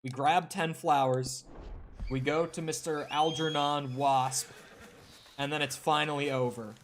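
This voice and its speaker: A man's voice: on the high side, steady tone, unhurried, slight background noise. A young man streaming a video game, chatting casually with his viewers and swearing now and then while he plays. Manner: chatty, swears, talks to chat while playing. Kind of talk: casual live-stream chat over gameplay.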